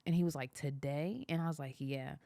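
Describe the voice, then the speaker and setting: Low-voiced young woman telling lively stories. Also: fairly quick, gravelly, no room sound, clean studio sound. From Kansas, US. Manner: animated storyteller, laughs often, acts out quotes. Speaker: photographer and business owner, guest. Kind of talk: casual podcast conversation.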